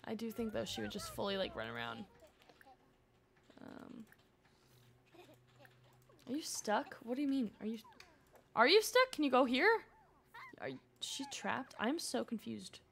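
A young woman chatting through her gameplay on a live stream, excitable and gushing, often talking to the game characters. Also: fairly high pitch, measured pace, vocal fry, pauses often.

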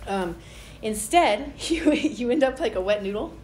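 A woman's voice: fairly high pitch, expressive, a little slow, crowd noise. A woman pastor preaching a conversational sermon, playfully acting out little prayer scenes. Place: church hall. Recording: echoey church room.

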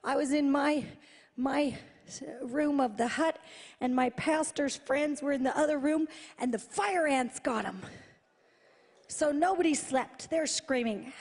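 High-voiced woman preaching in a hall. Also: unhurried. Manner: animated, repetitive, swings between loud and hushed. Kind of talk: sermon storytelling. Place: large church hall, live event. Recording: live in a reverberant hall.

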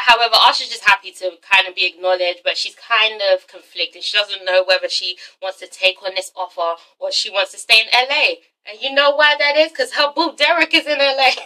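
A woman's voice: medium pitch, sharp tone, poor audio. A young woman casually recapping a TV episode, sassy and profane, ending lines with "okay?". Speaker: TV episode reviewer.

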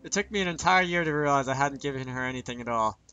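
A man's voice: mid-range voice, fast, bright, forceful tone, smooth, dull audio, soft background music. A man reading a visual novel aloud in first person, dropping joking asides between lines.

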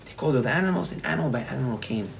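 A man, a rabbi, telling a parable in a sermon, animated, repeating phrases and restarting often. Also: mid-range voice, rapid-fire, vocal fry, a little hiss or hum, low-quality recording. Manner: animated, repetitive, frequent restarts. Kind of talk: storytelling sermon.

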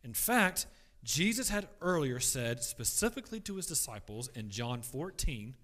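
A man teaching a church Bible class, emphatic, swinging between loud stress and quiet asides, often repeating words as he restarts. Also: mid-range voice, very animated, moderate pace.

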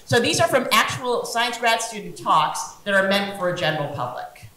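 Animated, jokey woman lecturing in a hall. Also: medium pitch, moderate pace. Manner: animated and jokey, acting out quotes. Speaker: guest speaker on science communication. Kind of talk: humorous lecture. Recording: roomy hall echo.

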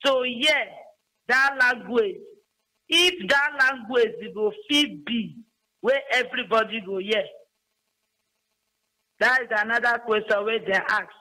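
A woman, a caller putting a question in halting, hesitant speech. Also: fairly high pitch, pushed and bright, low-quality recording.

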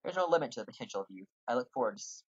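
A man's voice: mid-range voice, animated, racing, slightly rough, no room sound, highs cut off. A man reading out a bossy male guildmaster from a role-playing game in a put-on lecturing voice.

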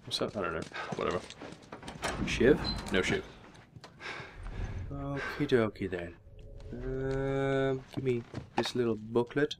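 A man doing jokey, excitable gameplay commentary, yelping and muttering as he plays. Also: mid-range voice, slow pace, long pauses, noisy background. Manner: excitable, jokey, swears mildly, yelps when hit. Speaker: let's play gamer. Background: game music.

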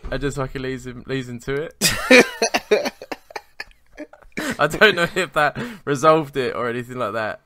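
A man's voice: medium pitch, expressive, a little slow, long pauses, sharp tone, no room sound. A man co-hosting a podcast, telling a rambling work story in casual chat, swearing and laughing as he goes. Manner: rambling, swearing, laughs at his own stories. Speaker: podcast co-host.

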